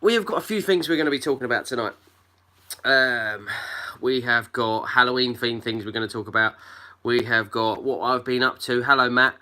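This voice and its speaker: A man's voice: mid-range voice, moderate pace, bright, forceful tone. Guy doing a jokey livestream from home on his phone, says hi to everyone by name. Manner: chatty, greets commenters by name, jokey. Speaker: geocaching livestream host. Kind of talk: casual live-stream chat.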